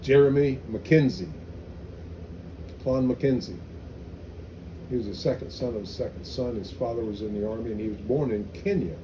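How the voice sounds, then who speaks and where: A man's voice: mid-range voice, moderate pace, long pauses, noisy background. An older man, a veteran, recalling his army days in an oral history interview, telling anecdotes with many restarts. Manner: rambling anecdotal storytelling with restarts.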